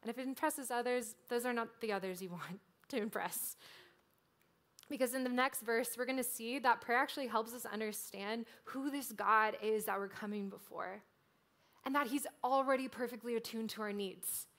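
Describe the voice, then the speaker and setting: A woman preaching a sermon in a casual, conversational way, often filling pauses with "like". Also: a little high, a bit bright. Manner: conversational, frequent "like" fillers.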